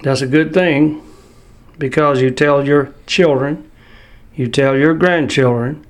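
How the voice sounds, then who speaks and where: An older man preaching a sermon, reading scripture slowly and with emphasis. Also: on the high side, fairly even intonation.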